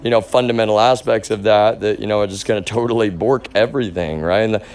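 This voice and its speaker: A man's voice: fairly low pitch, steady tone, fast, darkish tone. A man ranting on his livestream. He rambles and swears heavily, and he keeps calling his viewers "y'all.". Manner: rambling, agitated, heavy swearing. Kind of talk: livestream rant.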